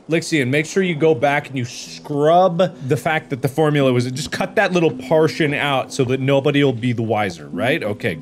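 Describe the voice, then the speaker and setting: A man commentating a horror game, excitable and jumpy, with loud reactions and swearing. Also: medium pitch. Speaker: gaming host. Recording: game music in background.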